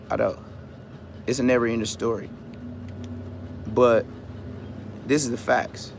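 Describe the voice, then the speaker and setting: A man ranting on a livestream in a loud, combative way, with heavy profane street slang. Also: mid-range voice, a little slow, gravelly, pauses often, slight background noise. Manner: loud, swooping, combative delivery. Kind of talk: heated livestream rant.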